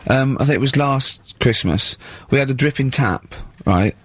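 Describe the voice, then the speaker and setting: Man, radio co-host, casual storytelling, dry close mic, average pitch. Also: normal speed, no echo. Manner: wry anecdotes, quoting people in voices.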